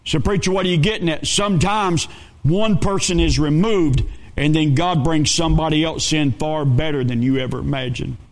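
High-voiced preacher. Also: male voice, normal speed. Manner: storytelling preacher, folksy phrasing. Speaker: pastor. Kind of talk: sermon.

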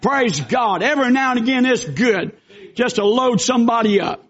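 A man preaching a fervent, folksy sermon as a pastor, with bursts of shouting. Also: extremely high pitch, expressive, normal speed. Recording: dull lo-fi recording.

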